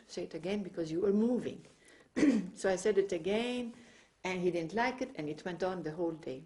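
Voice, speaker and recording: Woman, low mellow voice, gentle earnest testimony, restarts a lot hunting for words. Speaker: speaker recounting her religious experience. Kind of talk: slow personal testimony.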